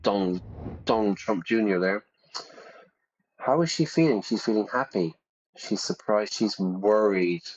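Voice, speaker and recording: A man's voice: on the low side, a little slow, pauses often. A man, an English teacher, casually commenting on a game while explaining vocabulary, with jokey, playful asides. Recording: dull lo-fi sound.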